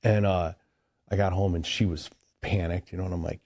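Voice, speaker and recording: Laid-back man from Chicago, lowish mellow voice, rambles through stories with lots of filler. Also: steady tone, a little fast. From Chicago, USA. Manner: rambling, heavy use of "like" and "dude". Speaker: podcast guest. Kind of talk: casual storytelling.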